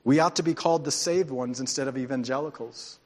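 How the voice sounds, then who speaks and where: A man preaching a sermon as pastor, speaking in an animated, informal way with restarts and asides. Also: mid-range voice, a little fast. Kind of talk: conversational sermon.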